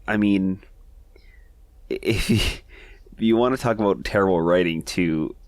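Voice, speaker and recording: A man's voice: low-pitched, unhurried, no echo. A man co-hosting a podcast, chatting about comics in an easygoing, hesitant way with frequent laughs. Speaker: podcast co-host. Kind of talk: casual comic review chat.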